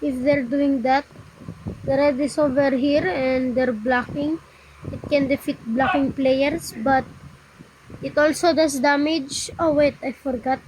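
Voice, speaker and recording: Game tutorial narrator: high-pitched woman, slow and rambling, faint noise behind. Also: steady tone, a little mellow, rough recording. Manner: rambling, halting, often stops to apologize. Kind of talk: casual game commentary.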